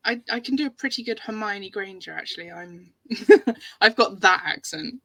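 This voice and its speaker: A British woman with a crisp, bright voice banters playfully on a live stream, quick to tease and to laugh. The sound is close and dry. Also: mid-range voice, dry recording, poor audio. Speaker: podcast guest. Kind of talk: casual chat on a stream.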